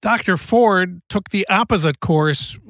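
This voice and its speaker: A man hosting an interview, framing each topic in measured terms before asking a question. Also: high voice, fairly bright tone, no echo. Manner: measured, posing framed questions. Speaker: interviewer host.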